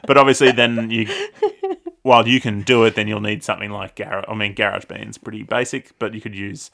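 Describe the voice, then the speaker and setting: Gravelly, bright-voiced male podcast co-host. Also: on the low side, level tone, a little fast. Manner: joking, teasing, chatty. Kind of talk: casual podcast chat.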